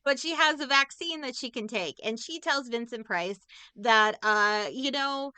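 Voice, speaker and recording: A woman's voice: on the high side, a little slow, sharp tone, clean tone, dry recording. A woman co-hosting a podcast, casually recapping a movie plot with sarcastic jokes. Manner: sarcastic, jokey, acts out characters' lines. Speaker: podcast co-host.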